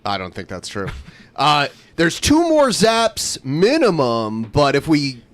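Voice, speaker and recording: A man's voice: fairly high pitch, wildly swooping pitch, takes it slowly, no room sound. A man co-hosting a podcast, casually explaining things with loose fillers. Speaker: podcast co-host. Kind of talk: casual chat.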